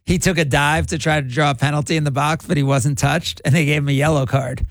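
A man hosting a casual sports podcast, relaxed and chatty as he gives live match updates and trades takes. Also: a little high, fast, dry recording. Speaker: podcast host.

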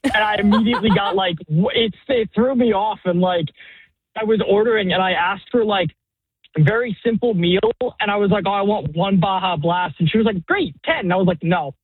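Man, radio caller, breathy, tinny phone sound, casual rambling. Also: sits high, a little fast, dry recording. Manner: casual, lots of "like" fillers. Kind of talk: call-in chat. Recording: dry tinny phone line.

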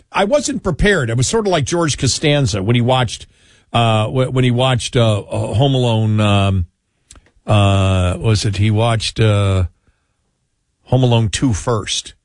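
A man's voice: mid-range voice, lively intonation, unhurried, dry recording, studio quality. A man hosting a casual political talk show, rambling through anecdotes with many restarts and chuckles. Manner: rambling, self-interrupting, chuckling storyteller. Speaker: radio talk show host.

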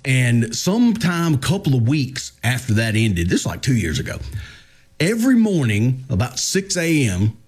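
A man's voice: medium pitch, normal speed, husky. A man, hosting a radio show and telling a story in casual chat, acting out the lines of the people in it. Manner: animated, acts out quoted dialogue.

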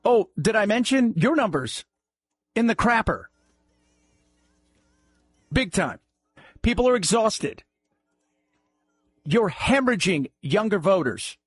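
A male talk radio host mocks and jokes in a sarcastic monologue. His voice sits high and swings widely in pitch, and he takes his time. The studio sound is dry, with faint music underneath. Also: takes it slowly, long pauses, breathy edge, no echo. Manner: sarcastic, mocking, animated.

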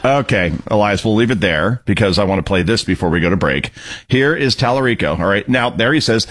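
A man's voice: on the low side, expressive, a little fast, a bit bright. A man hosting a political talk radio show, sarcastic and opinionated, cueing clips.

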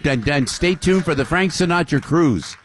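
A man's voice: on the high side, animated, normal speed. A man hosting a live radio show from a jazz club, talking with enthusiastic, effusive energy. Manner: enthusiastic, effusive, thanks people warmly. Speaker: radio host.

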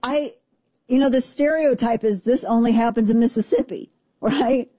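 A woman's voice: fairly high pitch, moderate pace, warm tone, no room sound. A woman in her forties, co-hosting a casual on-air chat, telling stories with self-mocking asides. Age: 40s. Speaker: radio show co-host.

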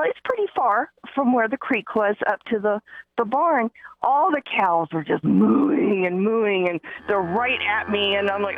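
Lady calling in, rambly storyteller, kinda high voice, dull phone sound. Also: no room sound. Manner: chatty, rambling storyteller with fillers. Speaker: caller. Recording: muffled dry phone line.

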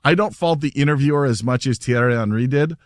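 A man's voice: medium pitch, fast, no room sound, studio quality. A man hosting a casual radio show, telling stories animatedly and laughing as he talks. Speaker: radio host.

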